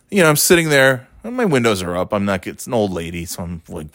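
A man's voice: medium pitch, fast, no room sound, studio quality. A man telling a casual, swear-laden anecdote, tired and exasperated, with mocking asides. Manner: animated, swearing, mocking voices in quotes. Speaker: storyteller.

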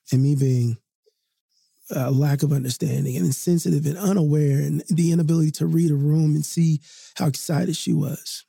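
A man speaks in a warm, mellow voice, recorded dry and close with no room sound. He tells a personal story in an earnest, confessional way, pausing on fillers and repeating phrases as he reflects. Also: fairly high pitch, gravelly, breathy edge, dry recording. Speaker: podcast host.

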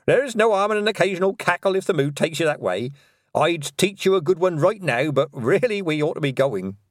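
A man doing a jolly old witch who chatters cheerfully in a hearty, slightly raised voice. Her pitch bounces brightly, and the storybook reading is dry and close. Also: animated, brisk, dry recording, natural voice.

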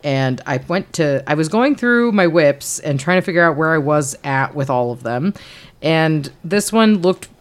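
A woman co-hosting a knitting podcast, telling an animated, self-mocking story about her project. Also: low-pitched, measured pace. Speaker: podcast co-host. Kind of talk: casual chat.

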